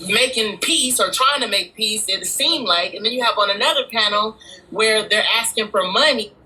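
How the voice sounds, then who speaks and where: A woman in a casual discussion, speaking in a measured, reflective way with frequent restarts. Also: medium pitch, sharp tone, rough recording. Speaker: guest panelist.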